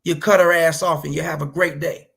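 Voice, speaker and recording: A man's voice: a little high, flat delivery, fairly quick, vocal fry, a bit bright, slightly rough. A man giving casual reaction commentary, blunt and profane, lecturing other men with preachy advice. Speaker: commentary vlogger.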